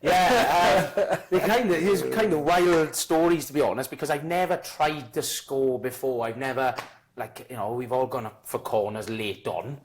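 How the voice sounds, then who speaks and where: A man in his thirties with a South Welsh accent, a podcast guest telling a sweary, animated football story in casual chat. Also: medium pitch, normal speed, background noise. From Wales. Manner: swearing, animated anecdote teller acting out dialogue.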